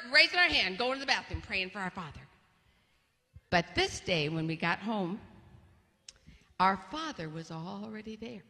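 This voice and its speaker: A woman telling a story to children in a large church hall, lively and laughing as she acts out the voices. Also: on the high side. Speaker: children's speaker. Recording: long reverb of a large hall.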